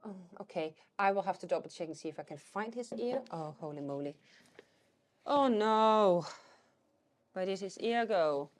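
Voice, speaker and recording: A woman's voice: mid-range voice, brisk, few pauses, darkish tone. Chatty woman thinking aloud. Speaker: vintage reseller vlogger. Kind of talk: casual vlog chat.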